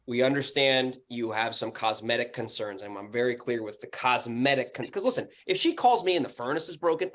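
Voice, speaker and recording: A man with a New York accent gets animated as he retells a fight with a tenant, cursing freely. It is a casual podcast chat between co-hosts, and his delivery is loose and lively. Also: medium pitch. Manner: animated, profane, acts out heated phone calls in a raised voice. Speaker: podcast co-host, real estate investor.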